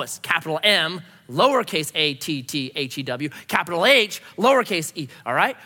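A man's voice: on the high side, bright, forceful tone. A man preaching a sermon, telling anecdotes and acting out the voices of the people in them. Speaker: pastor. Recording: long hall reverb.

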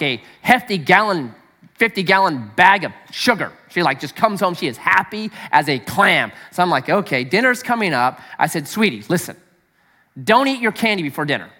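A man's voice: a little high, bright, forceful tone. A man preaching a sermon as pastor, telling a family story with acted-out voices and humor. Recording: echoey hall.

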